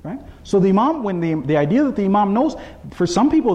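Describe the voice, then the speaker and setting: A man's voice: sits high, animated, fast talker, dark tone. A man giving a sermon, telling a story and acting out the quotes with shifting voices, often checking in with "right?". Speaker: religious speaker.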